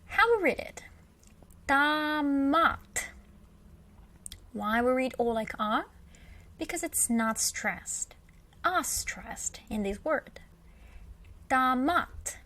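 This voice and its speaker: Russian accent lady teaching beginners, talks slow, says each word a few times. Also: a little high, lively intonation, a bit bright. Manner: slow, patient, repeats example words with emphasis. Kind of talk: beginner language lesson.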